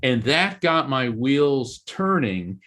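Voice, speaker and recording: A man's voice: medium pitch, big pitch swings, slow, fairly bright tone. A man from Florida, an author guest in an interview, telling a story earnestly and with animation, often restarting his sentences. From East Coast Florida, USA.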